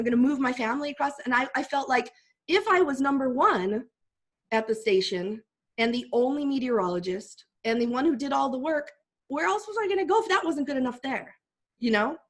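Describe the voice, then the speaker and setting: A middle-aged woman, a guest speaker, telling a heartfelt personal story in an animated way. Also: high-pitched, fairly quick.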